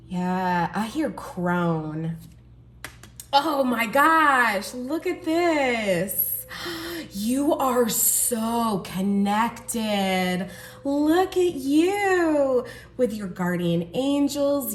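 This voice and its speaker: An excitable woman reading tarot cards for her viewers, gushing over each card with gasps and a constant stream of "like". Her voice carries an echo from the room, with a faint hum of ambient noise behind it. She sits at a mid pitch for a woman. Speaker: tarot reader.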